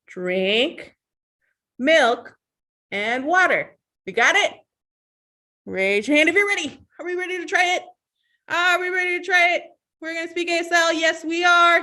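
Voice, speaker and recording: A woman with a high, bright voice leads a children's library storytime over a video call. She talks slowly and cheerfully, coaxing the little ones along and praising them often. The sound is clear and sparkling. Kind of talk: online children's storytime with sign language and song.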